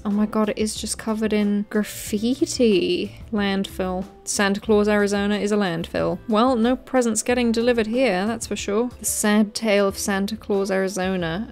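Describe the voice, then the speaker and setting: A woman of mid pitch narrates facts in a casual comedic host's voice. She stops often for sarcastic quips and sudden excited gasps, and light music plays softly under her. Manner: reads facts, then breaks off into sarcastic, excited asides. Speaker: video host. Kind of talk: comedic commentary reading facts.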